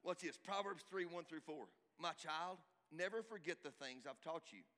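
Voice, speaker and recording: A middle-aged male pastor, preaching a sermon emphatically, swinging from loud exhortation to hushed asides. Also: a little high, normal speed. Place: church hall. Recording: reverberant church hall.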